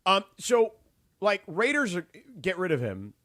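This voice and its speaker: A man co-hosting a sports talk radio show, lively and playful, teasing his partner with a chuckle. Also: high-pitched, a little slow, no room sound, studio quality.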